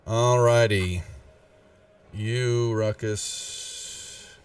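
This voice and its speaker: A man narrating as game master in a live-streamed tabletop game, halting and restarting as he checks the rules. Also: mid-range voice, steady tone, clear, resonant tone, distant mic. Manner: halting, with many restarts and fillers.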